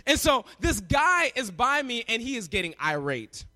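High, bright-voiced male preacher. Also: normal speed, few pauses. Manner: animated storytelling, acting out characters. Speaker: pastor. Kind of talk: sermon.

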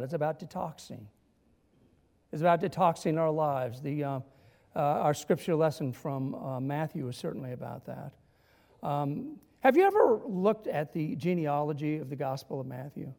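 A man's voice: sits high, darkish tone, big-room sound. A male minister preaching a sermon, telling humorous stories and building to emphatic points. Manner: storytelling with humor and dramatic emphasis.

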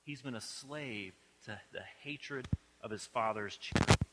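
Guy preaching a sermon, storytelling voice, goes quiet then punchy, clicky noise behind. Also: mid-range voice, a little slow. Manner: expressive storytelling, swings between soft and emphatic.

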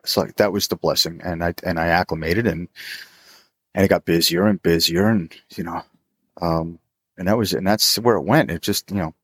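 A man in his fifties, a mechanic, telling stories in a chatty, animated way as an interview guest. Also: sits low, moderate pace, breathy edge, dry recording, studio quality. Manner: chatty, animated, laughs often. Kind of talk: casual storytelling.

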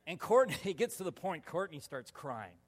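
A male pastor telling a personal story in a sermon, animated and laughing, with sudden loud shouts. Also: on the high side, normal speed, breathy edge. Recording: long reverb of a large hall.

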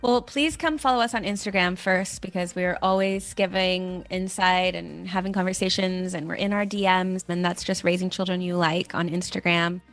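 Earnest, explanatory woman guest with a slightly low voice, faint music in the background. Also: fairly even intonation, moderate pace, few pauses. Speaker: parenting course co-founder, guest. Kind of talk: casual conversational interview.

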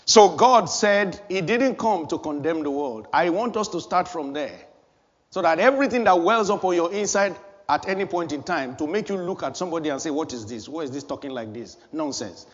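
High-voiced preaching man in a hall. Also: animated, moderate pace, highs cut off. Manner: preaching with rising emphasis and repeated phrases. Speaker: pastor. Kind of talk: sermon.

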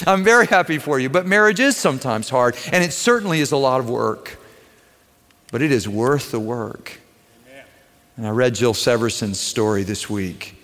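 A man preaching a sermon as a pastor, earnest, moving between quiet tenderness and raised intensity. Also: fairly low pitch. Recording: long hall reverb.

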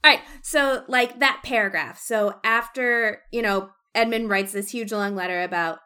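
Bright-voiced chatty woman. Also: mid-range voice, moderate pace. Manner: chatty, acts out characters' thoughts. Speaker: book podcast co-host. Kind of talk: casual book discussion.

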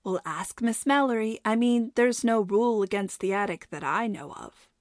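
A woman's voice: on the high side, normal speed, dry recording, clean studio sound, lightly acted. A woman voicing a curious, rule-minded schoolgirl who asks earnest questions.

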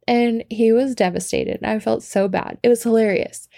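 Woman with a mellow gravelly voice, casual animated storytelling, laughs a lot, dry close sound. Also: fairly high pitch, moderate pace, dry recording. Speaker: storyteller sharing a personal anecdote.

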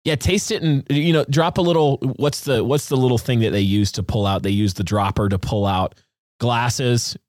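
A man co-hosting a podcast talks with lively energy and reaches for vivid comparisons. His voice sits at an ordinary middle pitch. The sound is close and dry. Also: normal speed, no echo. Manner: animated, laughs often, uses vivid analogies. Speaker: podcast co-host. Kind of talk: casual discussion.

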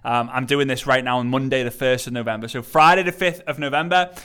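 Though not fully recovered from being ill, this podcast host from England, who has an English accent and a slight lisp, powers through his solo motivational show with emphatic energy and repeated key lines. He talks fast, his medium-pitched voice smooth.

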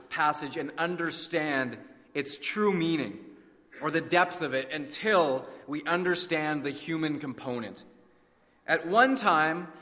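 Male preacher, dramatic storyteller swinging from hushed to loud, forceful and bright, echoing sanctuary. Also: a little high. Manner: dramatic, drops to a hush, then cries out. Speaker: pastor. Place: church sanctuary. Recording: long reverb of a large hall.

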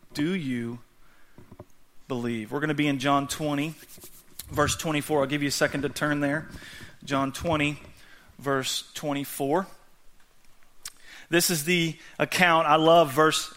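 A man preaching a sermon in a casual, conversational way, slowing down and softening when he reads scripture aloud. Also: on the high side. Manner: reads scripture slowly and softly. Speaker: pastor.

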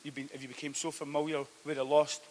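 A man preaching a sermon, telling a story that swings from hushed to loud. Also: a little high, flat delivery, fast, slight background noise. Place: church hall.

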